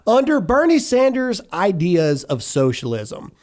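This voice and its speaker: A man's voice: sits high, wildly swooping pitch, a little slow. A man hosting a podcast, chatting casually and mocking, with ranting bursts. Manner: brash, mocking, rants with rising shouts. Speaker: podcast host. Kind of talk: casual comedic political chat.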